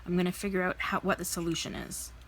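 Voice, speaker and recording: A woman in her thirties, a vlogger telling a personal story in a candid, animated way, acting out the people she quotes. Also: fairly low pitch, fast, slight background noise, rough recording. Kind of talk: casual storytelling while crafting.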